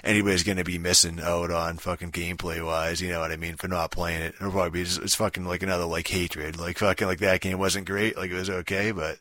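A man's voice: deep voice, level tone, fast talker, few pauses, bright, forceful tone, no echo. A man ranting casually about a video game, swearing constantly and rambling with lots of fillers and "dude". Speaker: gaming vlogger. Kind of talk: profane casual rant.

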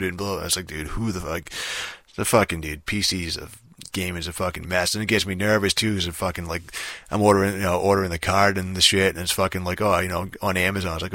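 A man's voice: sits low, fairly even intonation, a little fast, bright, forceful tone, dry recording. A young man in a rambling casual rant, swearing constantly and filling gaps with "like" and "you know.". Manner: rambling, profane, many fillers.

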